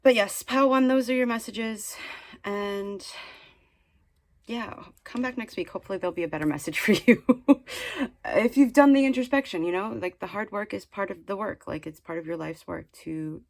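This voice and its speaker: A woman's voice: mid-range voice, moderate pace, creaky. A woman giving a casual spiritual tarot reading, chatty and rambling with many fillers and restarts, earnestly nudging the listener. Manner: earnest, mildly scolding encouragement. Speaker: tarot card reader.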